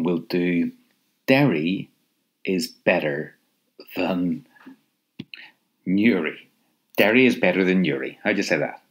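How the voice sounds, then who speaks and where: A man teaching a recorded language lesson, patiently repeating phrases and pausing for the listener to answer, with light chuckles now and then. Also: low voice.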